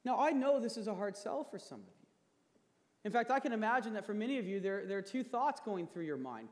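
A man's voice: high-pitched, lively intonation, brisk. Man preaching in a reverberant church hall. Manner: earnest, building to emphatic peaks. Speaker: pastor. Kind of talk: sermon.

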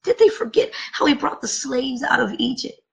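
A woman's voice: sits high, very animated, moderate pace, creaky, slightly rough, highs cut off. A woman preacher delivering a sermon, emphatic and driving home point after point with repeated rhetorical questions.

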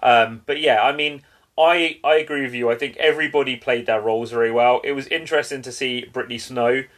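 A man's voice: mid-range voice, fairly even intonation, brisk, a bit bright. Casual man reviewing films. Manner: conversational, opinionated, swears casually. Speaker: podcast co-host. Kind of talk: casual film review chat.

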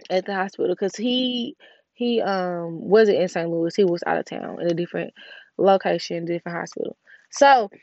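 A woman's voice: mid-range voice, no echo. Woman telling an emotional personal story. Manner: conversational, emotional, speaks straight to her viewers. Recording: dull, dry recording.

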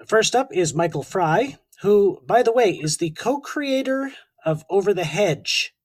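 A man's voice: high-pitched, animated, unhurried, no room sound, rough recording. A Canadian man co-hosting a podcast, chatting casually, joking and laughing easily. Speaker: podcast co-host.

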